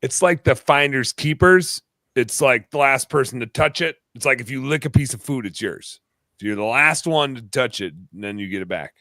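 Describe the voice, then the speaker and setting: A man's voice: mid-range voice, animated, moderate pace, sharp tone, no room sound. A man hosting a podcast, asking rambling questions and joking with the guest. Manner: jokey, laughs, rambling questions. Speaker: podcast host. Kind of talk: podcast conversation.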